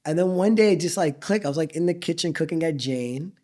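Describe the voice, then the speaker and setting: With a fairly high voice and a quick pace, a middle-aged chef and restaurant owner tells stories as a guest in a casual interview. He's an animated storyteller who acts out the quotes and swears without restraint.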